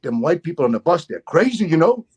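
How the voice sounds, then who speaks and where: A friendly, excited young stranger greets a traveler with warm, exclamatory calls, as an Australian man puts him on in his story. The voice jumps well above his usual pitch. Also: quick pace, husky, dull audio.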